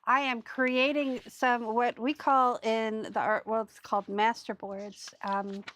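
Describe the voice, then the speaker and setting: A woman's voice: fairly high pitch, flat delivery, slow, fairly bright tone, dry recording. A woman hosting a live crafting stream, chatting loosely with viewers as she works. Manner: chatty and rambling, greets viewers while working. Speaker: craft video host. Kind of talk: casual live crafting chat.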